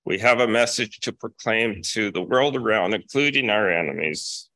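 A man preaching a sermon in a measured way, repeating key phrases for emphasis. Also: on the low side, bright, forceful tone.

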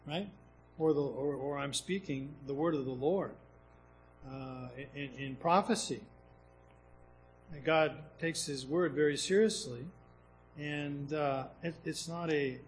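A man's voice: on the high side, slight background noise, poor audio. Preacher man teaching from the Bible. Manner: conversational Bible teaching with rhetorical questions and restarts. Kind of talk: sermon.

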